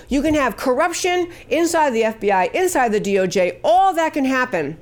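A woman's voice: sits high, big pitch swings, moderate pace. A woman hosting a talk show, delivering opinionated political commentary in an emphatic, scornful way with many fillers.

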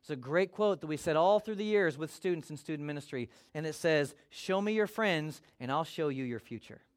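High-voiced preaching pastor, man. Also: lively intonation, fairly quick. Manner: conversational preaching, acts out quoted voices. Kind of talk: sermon.

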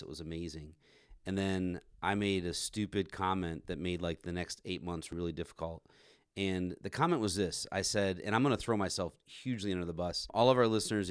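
In clean studio audio with no room sound, a forty-something podcast host speaks in a low, clear and resonant voice. He candidly tells a self-mocking story about his marriage.

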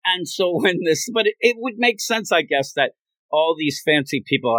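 Guy podcast host retelling manga scenes, voice jumping all over, slightly high, dry close sound. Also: dry recording, low-quality recording. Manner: animated retelling with quick acted quotes and laughs. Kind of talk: casual manga discussion.

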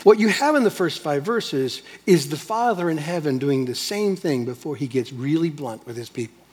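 A man preaching a sermon to a congregation, emphatic and swinging between loud peaks and hushed asides. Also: on the high side, expressive, normal speed, husky, big-room sound. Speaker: pastor.

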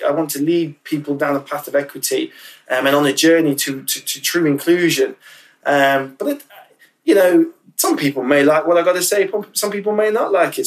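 A man's voice: on the high side, far from the mic, low-quality recording. Candid, emotional man, a little off-mic. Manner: candid, emotional, many restarts and repeated words. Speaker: podcast guest. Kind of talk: casual interview chat.

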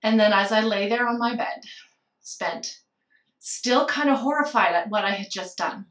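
A woman's voice: mid-range voice, moderate pace, a bit bright, reverberant, recorded from a distance. A woman candidly telling a personal story of grief, reflective and at times tearful. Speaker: guest sharing a personal story.

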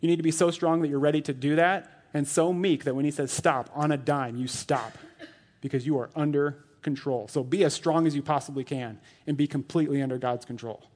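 Joking, chatty preacher man, slightly high voice. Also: fairly even intonation, brisk, darkish tone. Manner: chatty and joking, lots of "like", laughs at his own jokes. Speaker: lay elder preaching. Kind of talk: casual sermon.

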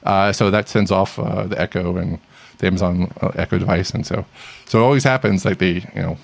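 A man's voice: deep voice, fairly even intonation, brisk, creaky. A middle-aged man co-hosting a casual tech news chat, rambling with many fillers and restarts. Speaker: podcast co-host.

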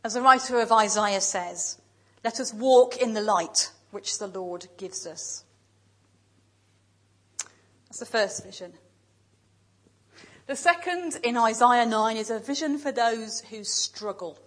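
A woman preaching a sermon in a church, speaking in measured, emphatic lists with pauses. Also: fairly high pitch, poor audio.

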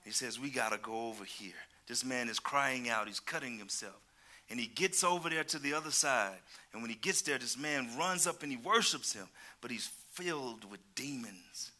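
A male preacher delivering a sermon, calling out to the congregation and swinging between loud exclamations and hushed asides. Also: mid-range voice, expressive, normal speed. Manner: calls out to the congregation.

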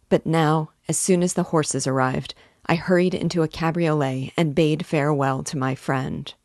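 Brief: woman narrator, low voice, dry close sound, measured expressive novel reading. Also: no room sound. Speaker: book reading guide. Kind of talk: reading a classic novel aloud.

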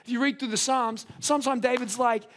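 Give me a man preaching a sermon, conversational and earnest, rising to a shout now and then. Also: extremely high pitch, fairly even intonation, fairly quick. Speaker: pastor.

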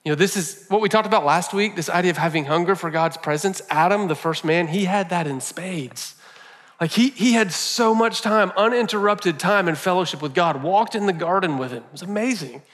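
Pastor guy preaching, kinda high voice, repeats stuff for emphasis, big echoey church. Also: brisk, fairly bright tone. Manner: conversational, repeats phrases for emphasis. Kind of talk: sermon.

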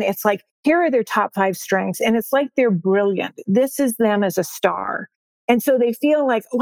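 A woman's voice: mid-range voice, a little mellow, no echo. An older woman, a success coach, speaking as a podcast guest in an upbeat, emphatic way and repeating her key phrases. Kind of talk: podcast interview.

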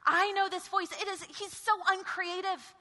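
A woman preaching a sermon, moving between loud, forceful commands and quiet, intimate passages. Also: very high voice, steady tone, normal speed. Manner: dynamic, shifting from shouted commands to hushed intimacy. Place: church sanctuary. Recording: reverberant church hall.

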